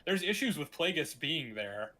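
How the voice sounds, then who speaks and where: Man ranting in animated casual chat. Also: fairly high pitch, normal speed. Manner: animated, swearing rants with stammered restarts. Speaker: co-host.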